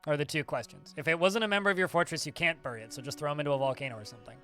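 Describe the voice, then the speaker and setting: A man talks casually to his livestream chat and fields questions at a quick clip. His voice is bright and forceful, set a little high. Faint guitar music plays quietly behind him. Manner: chatty, fast-talking, answers chat questions. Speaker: streamer.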